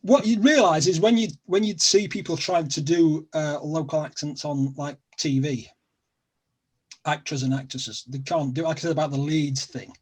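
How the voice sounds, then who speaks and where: Husky-voiced middle-aged Sheffield man. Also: a little high, fairly even intonation, normal speed. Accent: Sheffield, South Yorkshire. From England. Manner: rambling, repeats himself, lots of fillers. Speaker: guest. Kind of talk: casual chat.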